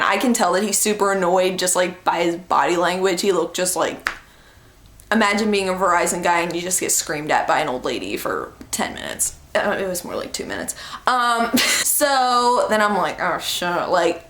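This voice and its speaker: Young woman, casual storytime vlog, animated, laughing, echoey room, medium pitch. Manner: animated, laughing, acts out quotes. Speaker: vlogger.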